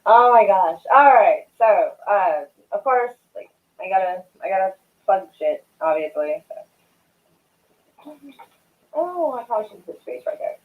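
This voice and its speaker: A woman's voice: medium pitch, big pitch swings, measured pace, long pauses. A young woman hosting a live stream, chatting casually with viewers in a rambling, swearing, talkative way. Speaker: livestream host. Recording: tinny phone-like audio.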